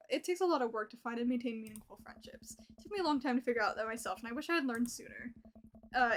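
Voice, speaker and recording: A woman voicing a kind, gently dorky middle-aged single dad in a dating game, speaking earnestly and reassuringly. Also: on the high side, slight background noise.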